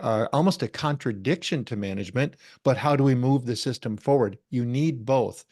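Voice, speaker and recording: A man's voice: mid-range voice, darkish tone, no echo. Dry-sounding man explaining steadily. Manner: measured, explanatory, builds points step by step. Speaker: podcast co-host. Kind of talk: conversational discussion.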